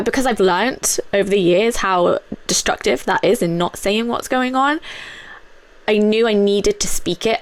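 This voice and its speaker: A woman in her thirties, hosting a personal podcast, speaking candidly in a halting way with many fillers and restarts. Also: mid-range voice, no room sound. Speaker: podcast host.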